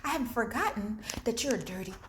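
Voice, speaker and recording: A young adult woman telling a story in a casual vlog while driving home in her car, animated, acting out what people said and laughing often. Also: a little high, quick pace, a little hiss or hum. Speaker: vlogger.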